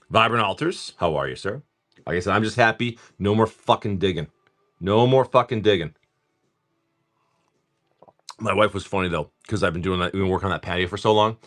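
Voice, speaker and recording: A man hosting a casual livestream who greets viewers by name, chats, and swears freely while opening card packs. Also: low voice. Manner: animated, quick bursts of talk. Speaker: card-breaking livestream host.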